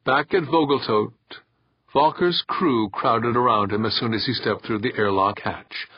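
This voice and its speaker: A man reading an audiobook novel aloud in an unhurried, expressive manner, in a dull, dry lo-fi recording. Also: medium pitch, breathy edge, dry recording. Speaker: audiobook narrator. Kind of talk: scripted narration.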